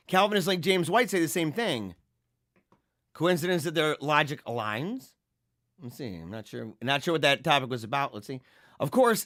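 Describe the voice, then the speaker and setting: Bright-voiced man, animated livestream chat. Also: a little high, no room sound, clean studio sound. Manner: animated, laughing, drawn-out slang. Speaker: livestream host. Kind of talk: casual livestream chat reading comments.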